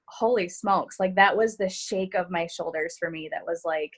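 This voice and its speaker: A woman's voice: fairly low pitch, moderate pace, hardly any pauses. A woman enthusiastically sharing motivational takeaways in a casual way, filling her talk with "like" and "you know". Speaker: team member sharing takeaways.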